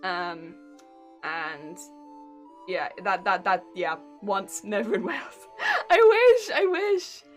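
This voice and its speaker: A woman's voice: on the low side, slow, pauses often, pushed and bright, faint music behind. A young British woman streaming from home, chatting casually with her viewers in a giggly, talkative way. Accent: British English. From England. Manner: giggly and chatty, reacting to chat. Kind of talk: casual live-stream chat.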